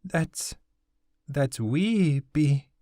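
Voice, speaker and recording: Storybook role: man playing a grief-struck young woman, high and quiet, halting delivery. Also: expressive, dry recording, clean studio sound. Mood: haunted, halting. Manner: halting, breaking off mid-sentence. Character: young woman, soft-spoken, haunted by grief.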